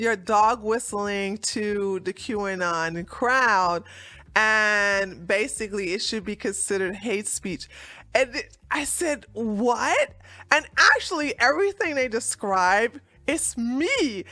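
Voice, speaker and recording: A woman's voice: on the high side, bright, forceful tone, dry recording. A woman hosting her own commentary show, talking casually in a sarcastic, mocking way and laughing often. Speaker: political commentary host.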